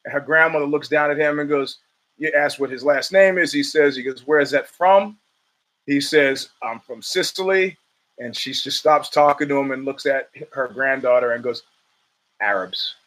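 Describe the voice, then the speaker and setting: Male podcast host, rambling and restless, bright, pushy tone. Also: mid-range voice, brisk. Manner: rambling and animated, with many restarts and stammers. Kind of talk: casual monologue.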